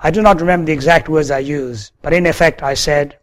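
A man's voice: on the high side, steady tone, fairly quick, hardly any pauses. A man preaching a sermon, telling a personal story as earnest testimony.

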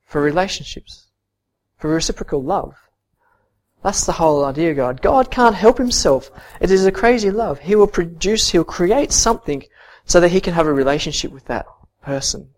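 A man preaching a sermon and reading scripture, earnest, swinging from soft to emphatic. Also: a little high, expressive, moderate pace.

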